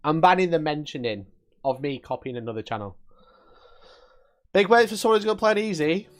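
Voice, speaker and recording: A man's voice: on the high side, animated, brisk. A man hosting a live stream, chatting casually with his viewers and trading sweary, mock-angry banter with them.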